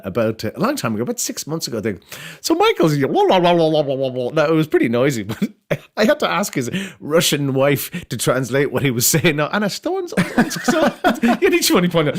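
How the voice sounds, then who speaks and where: An Irish man in his forties, a podcast guest chatting casually and laughing often. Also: mid-range voice. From Ireland. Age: 40s. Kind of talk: casual chat.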